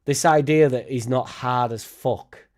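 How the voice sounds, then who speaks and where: A man's voice: medium pitch, a little slow, a little mellow. A man ranting bluntly in a casual monologue, swearing freely and mimicking others in mocking voices. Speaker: football fan channel host.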